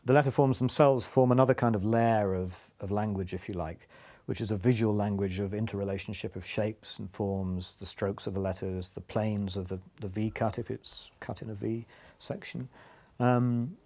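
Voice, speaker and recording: A man speaking reflectively in a documentary interview, measured with some fillers. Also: lowish voice, fairly even intonation, warm tone.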